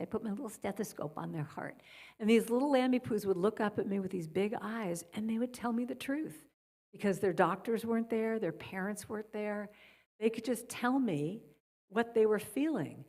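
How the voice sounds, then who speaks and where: A middle-aged woman speaking as a guest at a church service, softly guiding listeners and telling stories. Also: mid-range voice, normal speed. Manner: gentle, guiding a breathing exercise then storytelling. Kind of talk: spiritual talk at a church service. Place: church sanctuary.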